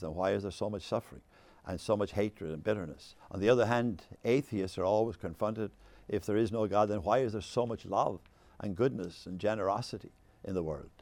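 A man's voice: on the low side, no room sound. A man in his sixties giving a discursive lecture on faith, with many asides and stories. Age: 60s. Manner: animated, discursive, fond of asides. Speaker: speaker on faith. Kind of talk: lecture with anecdotes.

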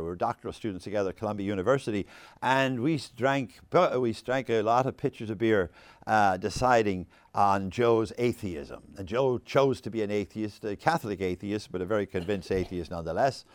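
A man's voice: fairly low pitch, no room sound. A man in his sixties giving a discursive lecture on faith, with many asides and stories. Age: 60s. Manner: animated, discursive, fond of asides. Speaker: speaker on faith. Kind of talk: lecture with anecdotes.

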